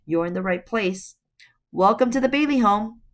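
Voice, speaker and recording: A woman's voice: medium pitch, lively intonation, normal speed, voice pushed up, natural voice. A woman reading aloud and voicing a polite male character who greets people with little enthusiasm. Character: male storybook character, polite but unenthusiastic.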